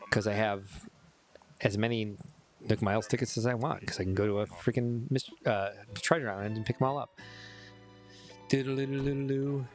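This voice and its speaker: A man with a Chicago accent, a bit tipsy from whiskey, rambling casually and poking fun at himself as he chats with viewers during a livestream. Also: medium pitch. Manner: rambling, self-mocking, talks to chat. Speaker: streamer. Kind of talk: casual game livestream chat.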